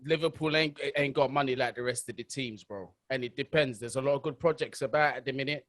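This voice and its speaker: A man's voice: mid-range voice, quick pace, a bit bright. A man, co-hosting a football chat, blunt and mocking. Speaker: co-host. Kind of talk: casual football banter.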